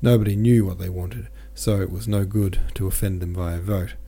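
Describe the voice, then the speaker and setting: Low, dark-voiced male narrator. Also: brisk, breathy edge. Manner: steady, with occasional self-corrections. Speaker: podcast host. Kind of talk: audiobook narration.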